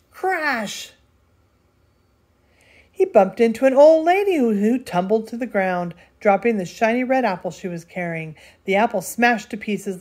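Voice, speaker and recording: Older lady reading a kids story out loud, expressive, lively, bedtime vibe. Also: mid-range voice. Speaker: storybook reader. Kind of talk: reading a children's story aloud.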